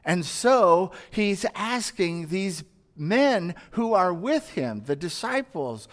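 A man's voice: high voice, sing-song, slow pace, hardly any pauses. A man preaching a sermon as a pastor, earnest and conversational, asking his listeners rhetorical questions. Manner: earnest, conversational, acts out everyday dialogue and asks rhetorical questions.

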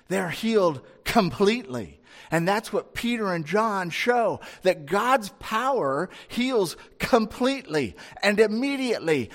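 High-voiced man preaching in a hall. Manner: conversational, with rhetorical questions. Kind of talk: sermon. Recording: long hall reverb.

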